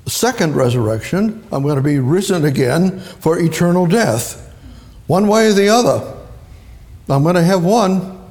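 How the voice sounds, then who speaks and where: A man with a slightly high, somewhat mellow voice preaches a rambling, emphatic sermon, often repeating himself for stress. It sounds like an echoey hall with long reverb.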